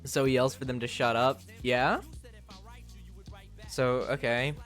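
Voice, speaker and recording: A man's voice: medium pitch, fairly even intonation, takes it slowly, fairly bright tone. Rambling, joking male streamer. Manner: rambling, joking, many fillers and restarts. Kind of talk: casual live-stream chat. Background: faint music.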